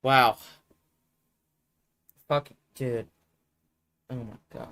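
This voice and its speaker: A man's voice: medium pitch, unhurried, a bit bright, no room sound. A man giving live commentary as he plays a geography guessing game, rambling and swearing in exasperation. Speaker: streamer.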